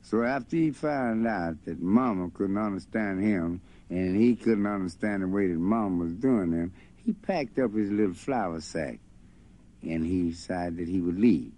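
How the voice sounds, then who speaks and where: A man telling a folk story in a relaxed, rambling way. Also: low-pitched, a little slow. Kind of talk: folk storytelling over guitar. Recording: faint guitar behind voice.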